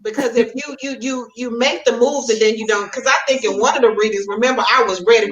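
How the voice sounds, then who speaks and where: Woman, emphatic, preachy, somewhat high voice, echoey room, far from mic. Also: steady tone, fast, few pauses, dull audio. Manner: emphatic, preachy, says "absolutely" often. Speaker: co-host. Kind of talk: casual chat on a video call.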